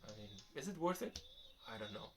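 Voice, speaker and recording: A man's voice: medium pitch, brisk, background noise. A young man casually answering viewer questions in a vlog, rambling and restarting his sentences. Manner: rambling, restarts often, relaxed and candid.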